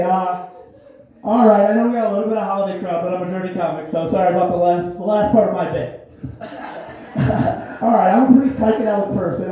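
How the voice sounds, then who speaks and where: A stand-up comic with a high-pitched, warm-toned voice performs on a small comedy theater stage, and the theater recording is very echoey and dull. He tells a loose, rambling story during his set and laughs often at his own lines.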